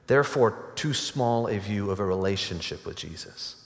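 A man preaching a sermon to a congregation, earnest and emphatic, building to forceful climaxes. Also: fairly low pitch, lively intonation, normal speed. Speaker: pastor. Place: church sanctuary. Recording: long hall reverb.

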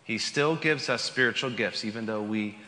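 A man's voice: fairly low pitch, moderate pace, sharp tone. A man preaching a Sunday sermon as pastor, conversational and emphatic, with asides to the congregation in a church sanctuary. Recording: long hall reverb.

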